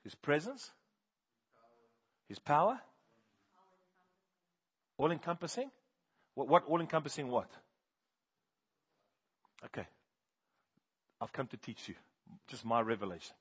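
A man preaching a sermon, firing questions at the congregation and swinging between hushed and loud passages. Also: fairly high pitch, sing-song, measured pace, long pauses, slightly rough, muffled recording.

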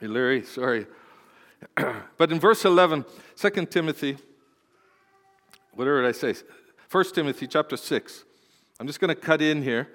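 A man pastor preaching a sermon, swinging between loud, fervent exhortation and quiet, tender storytelling. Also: a little high, lively intonation, moderate pace, long pauses. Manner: impassioned preaching, rising to loud exhortation and dropping to soft storytelling. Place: church sanctuary. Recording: long hall reverb.

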